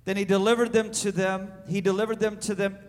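A man preaching a sermon and reading scripture aloud, swinging between shouted proclamation and hushed, slow reading. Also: high voice, little pitch movement, big-room sound, slight background noise.

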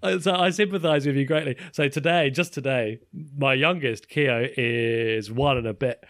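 A man's voice: medium pitch, moderate pace, fairly bright tone, no room sound, studio quality. A British man in his thirties co-hosting a podcast, chatting casually and laughing often at his own jokes. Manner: laughs often, self-deprecating. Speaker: podcast co-host. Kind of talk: casual chat.

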